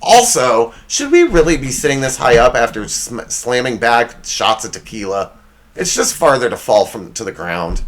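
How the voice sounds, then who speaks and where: A man in his forties hosting a comedy podcast, roasting things with loud mock outrage and dropping into quiet sincerity, a bit out of breath. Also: medium pitch, big pitch swings, moderate pace. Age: 40s. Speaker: podcast host.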